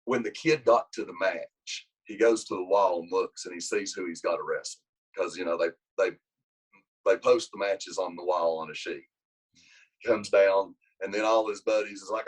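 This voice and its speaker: A wrestling coach in an interview, telling a long story in a low, slightly slow, breathy voice. He rambles and keeps restarting his sentences, livening up when he acts out quotes. The recording quality is low.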